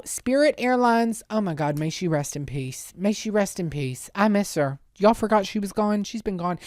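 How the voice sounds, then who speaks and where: A woman's voice: lowish voice, darkish tone, dry recording. Sassy woman ranting in a dry room. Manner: sassy, exaggerated rants. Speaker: podcast host. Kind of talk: casual comedic monologue.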